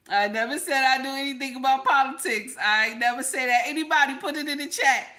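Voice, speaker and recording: High, bright woman streamer who keeps repeating herself to her chat; casual live commentary. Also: a little fast, hardly any pauses, slight background noise. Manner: repeats herself, talks straight to chat viewers. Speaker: vlogger reacting to videos and chat.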